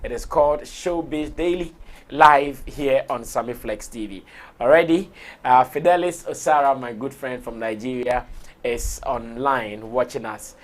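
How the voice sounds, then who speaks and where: Hoarse Ghanaian man hosting live. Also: medium pitch, measured pace. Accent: Ghanaian English. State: hoarse, lost his voice. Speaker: show host. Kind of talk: live entertainment talk show.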